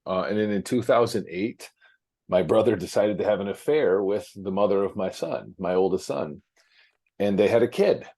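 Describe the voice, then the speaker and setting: A man's voice: on the low side, normal speed, warm tone, breathy edge. A man talking frankly as an interview guest, with many fillers and restarts, from his office. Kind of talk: casual interview storytelling.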